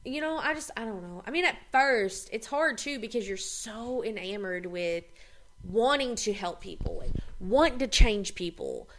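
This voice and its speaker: A young woman talking openly in a casual podcast chat. Her pitch rises and falls a lot as she talks. She is blunt, swears freely and speeds up when she gets worked up. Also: expressive, normal speed. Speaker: podcast co-host.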